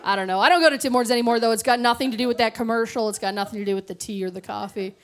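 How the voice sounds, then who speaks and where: A woman from Canada performing a stand-up comedy set on stage, with animated, mock-indignant storytelling. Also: fairly high pitch, racing. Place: comedy club stage with audience laughter.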